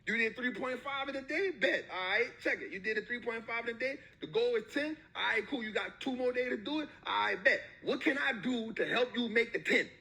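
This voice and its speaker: A man's voice: very high-pitched, bright, forceful tone, slightly rough. A man giving an emphatic motivational talk, repeating his points in slangy street talk. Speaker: motivational speaker.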